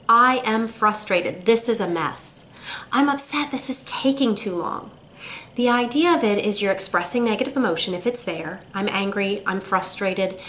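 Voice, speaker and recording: A woman of middle pitch gives a calm, measured talk on parenting, like an expert teaching to camera. She slows down to stress the example phrases she offers parents. A faint hiss sits under her voice. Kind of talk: scripted educational talk to camera.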